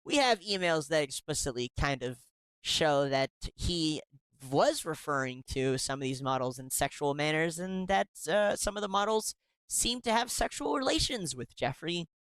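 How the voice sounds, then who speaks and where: During a commentary segment, a host reads emails aloud and reacts with sarcasm and indignation, using lively intonation at a normal speed. The mid-pitched voice is clear, resonant, and fairly bright, yet often stumbles and restarts mid-sentence. It's recorded close and dry, with no echo or room sound.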